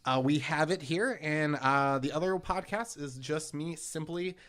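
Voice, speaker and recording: A man's voice: a little high, normal speed, fairly bright tone. A young man co-hosting a podcast, talking in a laid-back, crude, joking way. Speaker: podcast co-host. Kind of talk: casual chat.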